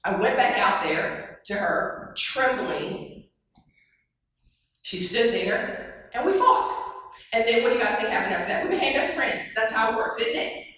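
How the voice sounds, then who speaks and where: A woman's voice: a little high, a little slow, long pauses. Woman giving a pep talk to a crowd, chatty stories, big hall echo, mic far off. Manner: lively storyteller, asks the audience questions. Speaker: keynote speaker. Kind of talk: motivational talk to a live audience. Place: large hall.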